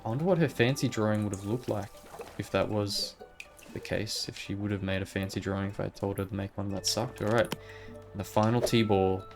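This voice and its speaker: Playing a video game, this host talks quickly in a fairly low voice, muttering casual let's-play remarks over music.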